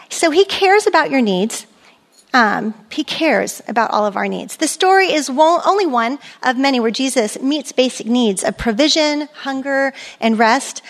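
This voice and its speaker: A middle-aged woman giving a sermon at a women's church gathering, conversational and emphatic, repeating her key phrases. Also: fairly high pitch. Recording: long hall reverb.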